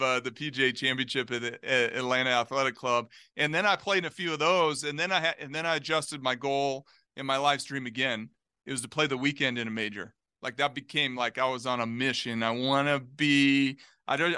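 A man in his forties, a golf pro guest on a podcast, telling stories in an animated, casual way. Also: medium pitch, clean tone, no echo, clean studio sound. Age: 40s. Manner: animated storyteller.

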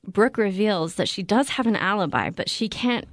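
A woman's voice: mid-range voice, lively intonation, normal speed, dry recording. Woman, podcast co-host, wry, casual plot retelling, dry close mic. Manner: wry, joking asides. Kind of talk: casual chat recapping a film.

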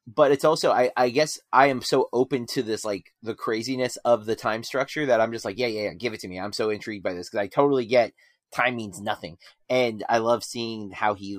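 A man's voice: mid-range voice, moderate pace, dry recording, studio quality. A man chatting casually in a film review, enthusiastic and rambling with many restarts.

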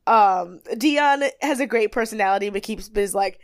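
A woman's voice: mid-range voice, moderate pace, few pauses. A woman co-hosting a podcast, recapping a reality show in a casual, chatty way with lots of fillers. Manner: animated, chatty, many fillers. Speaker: podcast co-host.

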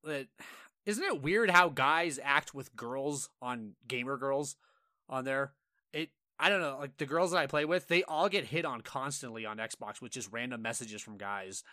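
A man's voice: medium pitch, normal speed, bright, forceful tone, no room sound, studio quality. A man co-hosting a casual gaming podcast, telling stories animatedly, acting out voices in quotes and laughing often. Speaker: podcast co-host.

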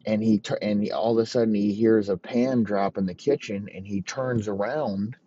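A man improvising a profane comic story in a deadpan narrating manner. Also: lowish voice, moderate pace, breathy edge. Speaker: comedy podcast host. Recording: muffled lo-fi recording.

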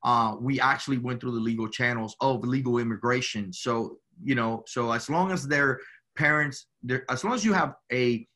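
A man's voice: mid-range voice, moderate pace, sharp tone. A man from Cuba, a guest, telling his family story in a rambling, casual way, often saying "you know" and "man".

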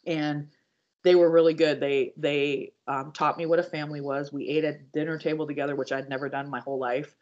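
A woman guest on a podcast, earnestly telling her personal story with halting restarts and speaking straight to her listeners. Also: low voice, little pitch movement, darkish tone. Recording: dull lo-fi audio.

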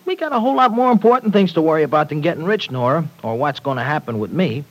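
A streetwise young working-class tough, talking slangy New with dropped grammar. His fairly high voice swings all over the place in classic 1940s radio-drama style. The sound is an old radio broadcast recording. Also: expressive, fast, highs cut off.

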